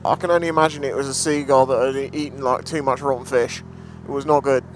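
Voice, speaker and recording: Riding a motorbike on the road and later walking a scrap yard, a man vlogs through a helmet mic, joking to himself and his viewers in casual running commentary. He talks fast in a steady, medium-pitched voice, with loud wind and road noise throughout.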